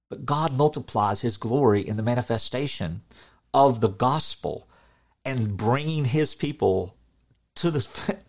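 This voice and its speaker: A middle-aged man preaching an informal sermon, earnest and animated, acting out quotes with a laugh now and then. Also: medium pitch.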